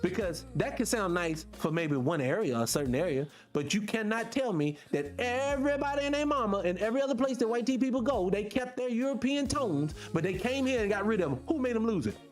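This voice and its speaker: Here's a man with a high, lively voice, swinging up and down constantly as he holds forth on his show. He talks straight to his audience in a loose, profane monologue, piling on rhetorical questions. Soft music plays faintly behind him. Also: fairly quick, hardly any pauses. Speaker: podcast host. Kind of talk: casual monologue to viewers.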